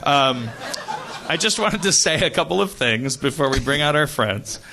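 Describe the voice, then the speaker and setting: A man's voice: fairly high pitch, expressive, creaky, noisy background. Rambling tipsy man hosting live. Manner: rambling, halting, restarts mid-thought. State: slightly tipsy. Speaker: podcast host. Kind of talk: live comedy podcast banter.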